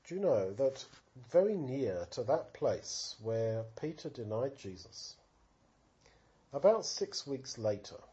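Slow warm-voiced man telling Bible stories. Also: mid-range voice, muffled recording. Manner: animated storytelling, simple explanations. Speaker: adult teaching a child a Bible story. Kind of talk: reading and explaining scripture to a child.

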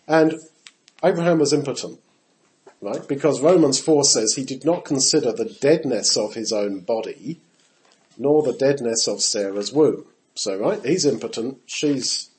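Lively man teaching from the Bible. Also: medium pitch, poor audio. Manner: animated, acts out quotes with shifting voice, talks to his audience directly. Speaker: preacher.

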